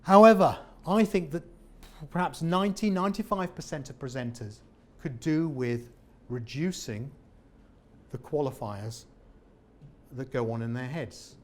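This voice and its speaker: A man, a former comedian, leading a lively interactive workshop on presenting and asking the audience questions. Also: mid-range voice, unhurried, pauses often, slight background noise. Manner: animated, jokey, questions the audience. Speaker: presentation trainer. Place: meeting room with an audience.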